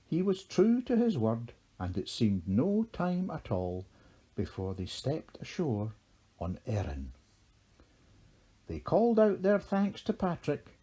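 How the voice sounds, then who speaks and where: A man reading a storybook aloud in a gentle, expressive way. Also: lowish voice, husky. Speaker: narrator.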